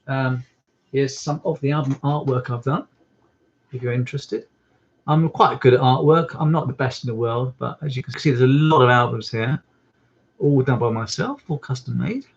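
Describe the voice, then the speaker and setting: Man, mid pitch, hesitant rambling live-stream host at home, dull lo-fi audio. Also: moderate pace. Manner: rambling, hesitant, many ums. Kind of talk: casual live-stream chat. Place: at home indoors. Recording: slightly muffled lo-fi stream audio.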